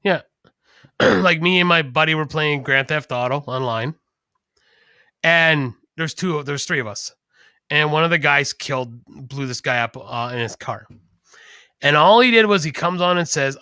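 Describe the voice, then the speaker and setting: A man with a high, very bright voice chats casually on a podcast. He rambles through anecdotes, clearing his throat as he goes. The recording is close and dry. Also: a little slow, no room sound. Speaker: podcast co-host. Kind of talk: casual chat.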